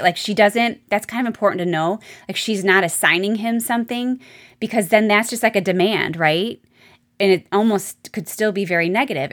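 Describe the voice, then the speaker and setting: Chatty woman podcast coach. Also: mid-range voice. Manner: chatty, animated, direct address to listeners. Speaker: marriage coach podcast host. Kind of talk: solo podcast advice talk.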